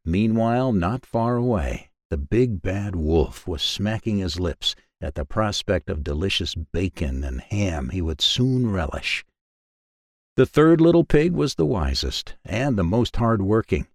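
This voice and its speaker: A man narrating a children's fairy tale in a measured, expressive way. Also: deep voice, dry recording, studio quality. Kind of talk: storybook narration.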